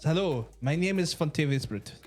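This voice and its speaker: A man putting on the voice of a pompous aristocratic male bard who makes grand, drawn-out introductions. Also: fairly high pitch, animated, soft background music, natural voice. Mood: grandiose.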